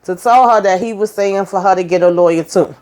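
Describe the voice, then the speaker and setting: A woman's voice: medium pitch, fairly quick, a little mellow. A woman casually recapping a TV episode, retelling scenes in chatty vernacular with lots of fillers. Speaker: show recap host.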